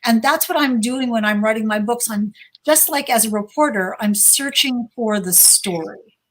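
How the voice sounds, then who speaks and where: A woman's voice: on the high side, normal speed. A woman speaking as an author and former reporter on a video-call panel, telling her story in an earnest, curious way. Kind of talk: casual panel discussion.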